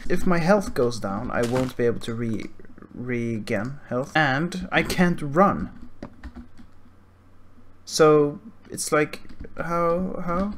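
Jumpy gamer with a lively voice. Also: mid-range voice, slow. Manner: jumpy, exclaiming often. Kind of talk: casual gameplay commentary. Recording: noisy, with mouse clicks.

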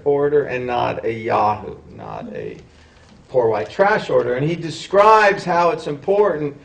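With a mid-range voice and vocal fry, a male history professor lectures to the public, wandering discursively and often restarting or correcting himself. The mic sits at a distance in a roomy hall.

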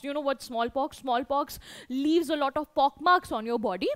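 A woman's voice: sits high, moderate pace, dry recording. A woman teacher with an Indian English accent, explaining a story to students and repeating points with many fillers.

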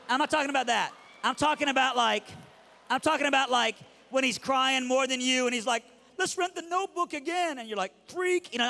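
A preacher man from Iran telling a comedic story in a sermon at a youth event, animated and blunt, acting out the voices he quotes. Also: high-pitched, gravelly. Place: large hall at a youth event. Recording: long reverb of a large hall.

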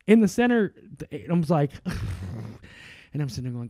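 A man's voice: high-pitched, sing-song, a little slow, vocal fry, warm tone, no echo. A man co-hosting a podcast, chatting casually and rambling through stories with lots of restarts. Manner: rambling, self-interrupting storyteller. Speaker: podcast co-host. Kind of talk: casual banter.

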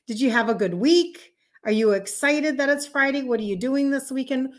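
Woman in her fifties, Minnesotan accent, live-stream host, chatty, slightly high voice, reads out viewer comments. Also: moderate pace. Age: 50s. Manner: chatty, greets viewers and answers comments on the fly. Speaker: host, health coach.

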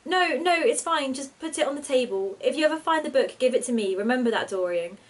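A woman's voice: high voice, expressive, fairly quick, pitched above the performer's own voice. A woman voicing a blunt, commanding older witch grandmother. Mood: uneasy.

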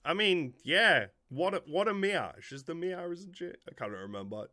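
A man's voice: a little high, lively intonation, normal speed, very noisy. A man in his thirties with a Geordie accent, chatting casually as a reaction video host, laughing and swearing. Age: 30s.

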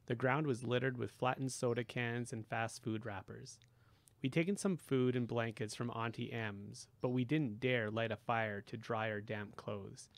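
A man narrates an audiobook in a steady, unhurried way, his mid-range voice carrying a gravelly texture. The recording is close and completely dry, with no room sound. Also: medium pitch, dry recording. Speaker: audiobook reader. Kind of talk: first-person audiobook narration.

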